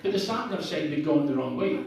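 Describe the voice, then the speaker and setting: A man's voice: a little high, animated, brisk, crowd noise. Man, northeast Scottish accent, stand-up comedian, self-deprecating, rambling, very echoey bar, distant mic. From Scotland. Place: bar open mic night.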